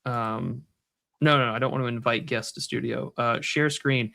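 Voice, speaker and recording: A man's voice: mid-range voice, fairly even intonation, normal speed, gravelly, pushed and bright. A man hosting a casual livestream, joking and swearing as he reads viewer messages aloud. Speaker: host.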